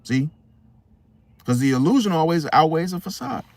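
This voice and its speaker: A man hosting a casual astrology monologue, talking in an animated way and often asking his listeners "See?". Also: fairly high pitch, normal speed, dry recording. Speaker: host.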